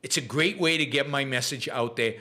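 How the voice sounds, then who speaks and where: A middle-aged man with an Israeli accent, his first language Hebrew, hosts a live stream and answers chat questions. He talks casually at a medium pitch, stopping and restarting often with plenty of ums and uhs. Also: sharp tone. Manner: chatty, halting with frequent fillers and restarts. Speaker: podcast host.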